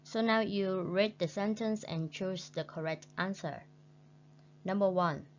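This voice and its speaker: Woman, English teacher, Vietnamese accent, very slow, patient, repeats words, lo-fi recording, faint hum. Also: mid-range voice, steady tone. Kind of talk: recorded classroom lesson.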